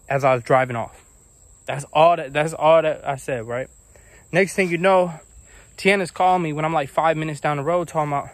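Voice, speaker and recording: A young man telling a casual storytime about his own life, animated and acting out the people he quotes. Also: fairly high pitch, brisk, dry recording. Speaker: vlogger.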